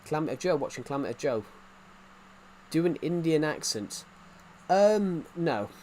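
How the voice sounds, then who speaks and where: A man's voice: on the high side, very animated, normal speed, darkish tone, slight background noise. A man casually chatting while streaming a game, rambling and reacting to viewers' comments. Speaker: gaming streamer.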